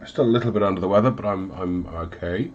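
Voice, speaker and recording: A man chats his way through a home painting livestream, his voice stuffed up from illness and sitting low. He rambles and fills pauses with ums, poking fun at himself, over a dull lo-fi mic with a faint hiss behind him. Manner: rambling, self-deprecating, many ums. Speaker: hobby livestream host. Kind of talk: casual livestream chat while painting. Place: hot home hobby room, windows closed.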